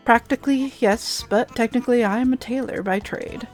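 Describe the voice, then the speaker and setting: A woman reading the lines of an elderly woman tailor with aching hands, in her own plain voice, calm and reminiscing. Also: fairly high pitch, fairly quick, soft background music, natural voice. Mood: wistful.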